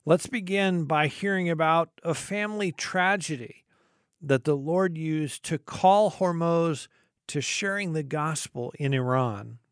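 A man hosting a faith broadcast, introducing his guest in a smooth, polished style. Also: on the high side, a little slow, dry recording, studio quality. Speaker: host. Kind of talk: scripted intro and interview.

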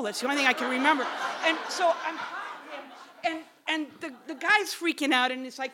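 A woman tells a story on a live stage before an audience, her voice bright and forceful. She is animated and swears freely, and she acts out every quoted line. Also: sits high, moderate pace, husky.

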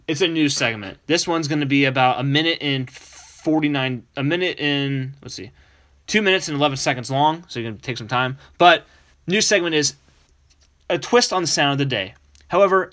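A man hosts a casual sports podcast with an easygoing, unpolished manner. His voice sits a bit high and bright, and he restarts sentences freely as he sets up clips. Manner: easygoing, laughs along, loose restarts. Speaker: podcast host.

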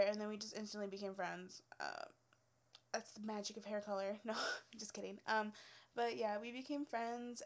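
Woman, 20s, hairstylist, slightly high voice, swears a lot, laughs, mimics people she quotes. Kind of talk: casual storytelling chat.

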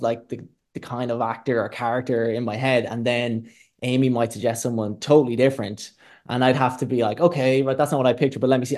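A man's voice: mid-range voice, darkish tone. A man being interviewed as a film director, talking in a candid, reflective and loosely rambling way. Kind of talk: casual interview talk.

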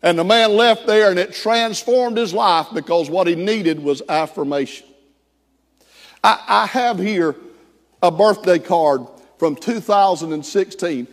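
Unhurried and high-pitched, a pastor's voice carries a long reverb tail as he preaches. He recounts a story, bringing each quoted character to life with animated voices.

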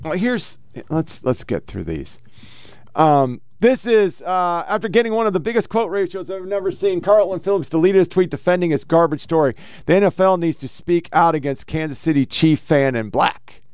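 Male podcast host, angry swearing commentary, slightly higher voice, crisp and dry. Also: expressive, moderate pace, a little mellow, no echo. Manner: profane, heated, reads posts aloud. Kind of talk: ranting political commentary.

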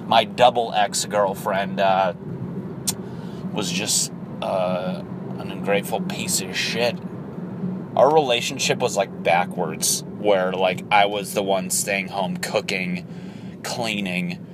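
Low-voiced crude rambling man. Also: noisy background. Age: 30s. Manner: rambling, crude, jokey, acts out quotes in silly voices. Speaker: podcast host. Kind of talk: casual solo podcast monologue.

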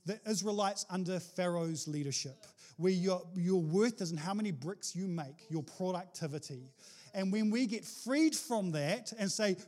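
A man preaching a sermon as pastor, animated and jokey, with sudden exclamations to the congregation. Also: high-pitched, normal speed.

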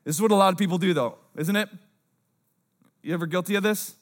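Preaching casually and at a quick pace, a young-adult pastor lowers his voice to a quiet murmur for side remarks, then raises it loudly to drive points home.

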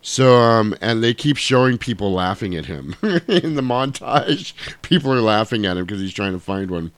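A man co-hosting a casual podcast chat is an animated storyteller who swears a lot and acts out other people's lines. His voice is lowish at a moderate pace, and the recording is dry.

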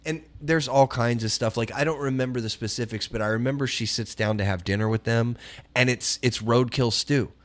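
A man's voice: medium pitch, a little fast. Middle-aged male podcast co-host, chatty, rambling retellings, mid-range voice. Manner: rambling storyteller, acts out quotes loudly. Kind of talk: casual movie chat.

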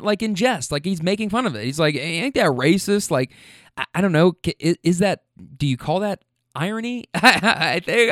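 A young man rambling through a casual story, swearing often and restarting his sentences. His voice is fairly high and smooth, recorded dry and close to the mic. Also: a bit bright, dry recording.

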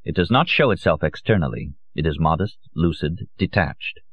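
A soft-spoken, worldly man, as the narrator reads him, explains things in a calm, measured way. The voice is deep and the recording is dry and a little dull. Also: slightly rough, no room sound, heavily acted.

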